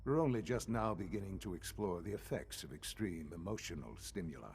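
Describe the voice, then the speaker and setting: An actor playing a calm elderly male scientist leader in a game, speaking in a measured, formal way. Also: deep voice, vocal fry, slight background noise. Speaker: game character. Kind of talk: game dialogue.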